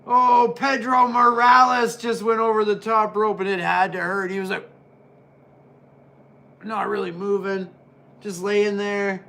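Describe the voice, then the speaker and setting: A man's voice: high-pitched, unhurried, creaky, long pauses. A man giving casual, jokey play-by-play commentary while reviewing an old wrestling match. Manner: excitable, jokey, chatty.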